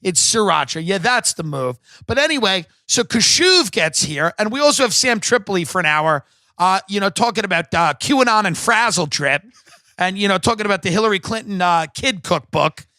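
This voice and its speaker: Male podcast host, high bright voice, profane sarcastic rambling rant, close dry sound. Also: lively intonation, normal speed, no room sound. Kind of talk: comedic ranting monologue. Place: home podcast set.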